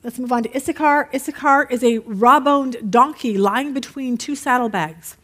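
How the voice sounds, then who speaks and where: A woman's voice: sits high, moderate pace. A woman teaching a Bible study in a conversational way, telling stories and checking in with her listeners. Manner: chatty, checks in with listeners with "okay?"; lively storyteller.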